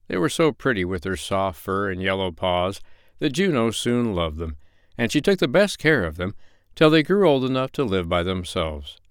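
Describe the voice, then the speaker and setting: A man reading a children's animal story aloud in a lively, expressive way. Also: fairly low pitch, smooth, no echo, studio quality. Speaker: narrator.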